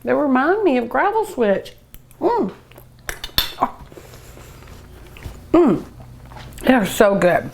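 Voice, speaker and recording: A woman's voice: high-pitched, very animated, slow pace, gravelly, pauses often, darkish tone, slight background noise. An older woman with a Kentucky Southern accent, hosting a cooking show and gushing over each dish as she tastes it, humming and sighing between bites. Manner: savoring, gushing over each bite with hums and sighs. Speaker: cooking show host and restaurant owner. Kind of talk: food tasting show.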